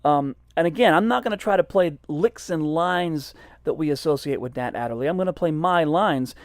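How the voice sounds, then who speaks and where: A man's voice: fairly high pitch, normal speed, no room sound. Man teaching jazz, dry close sound. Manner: relaxed, self-deprecating, explains as he goes. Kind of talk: casual instructional talk.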